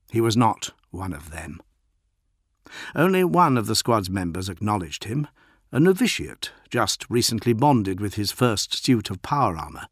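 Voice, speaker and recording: A man narrating an audiobook in a steady, dramatic reading. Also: lowish voice, husky, dry recording, studio quality.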